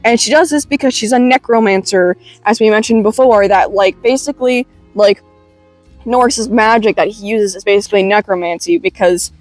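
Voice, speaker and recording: A woman's voice: medium pitch, normal speed, no echo, soft background music. A young woman casually recapping a comic in a chatty way, full of "like" and casual swearing. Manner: chatty, swearing, filler-heavy "like". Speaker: webcomic reviewer.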